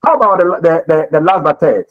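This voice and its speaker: A man's voice: a little high, animated, fast, lo-fi sound. A man teaching a communication class, lecturing and questioning students, often repeating his words.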